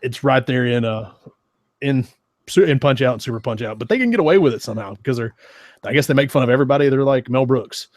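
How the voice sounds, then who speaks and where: A man's voice: mid-range voice, lively intonation, fast talker, darkish tone, no echo. Rambling male podcast co-host. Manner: rambling, many fillers. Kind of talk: casual chat.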